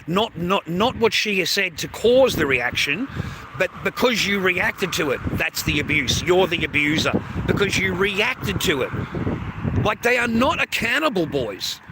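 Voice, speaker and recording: Australian bloke with a high voice, ranting to camera, foul-mouthed and repetitive, loud traffic behind. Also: male voice. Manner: heavy swearing, repetitive, keeps calling listeners mate and bro. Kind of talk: ranting monologue to viewers.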